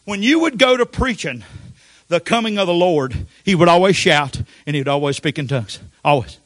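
An older man preaching a Pentecostal sermon, telling folksy stories with frequent amens and sudden shouted outbursts. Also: sits high, lively intonation, fairly quick, no room sound, clean studio sound.

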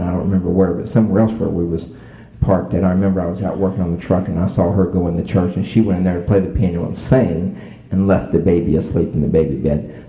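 A man telling a story to an audience in a folksy, animated way, acting out voices. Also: sits low. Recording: echoey tinny phone-like sound.

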